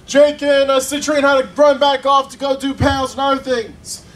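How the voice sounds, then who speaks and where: A man hosting the show, announcing loudly and upbeat to wrap it up. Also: very high voice, little pitch movement, normal speed, echoey room. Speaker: host. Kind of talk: emcee sign-off. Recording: distant mic with crowd noise.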